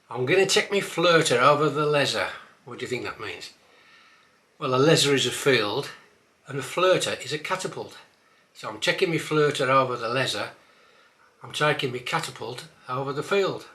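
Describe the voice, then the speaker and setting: Older man, Black Country accent, vlogger, repeats words slowly, bright tense tone. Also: mid-range voice, lively intonation. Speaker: vlogger teaching dialect. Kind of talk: casual instructional vlog.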